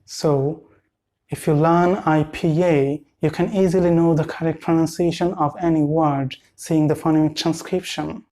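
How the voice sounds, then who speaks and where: A man teaching pronunciation, speaking deliberately and repeating each word for the viewer to copy. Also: fairly high pitch, warm tone. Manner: slow, deliberate, repeats words for drilling. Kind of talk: pronunciation lesson.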